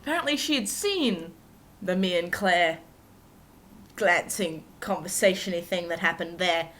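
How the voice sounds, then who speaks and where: A woman's voice: fairly low pitch, unhurried, a bit bright. A young woman vlogger telling a personal story to camera in a chatty, rambling, self-mocking way with lots of asides.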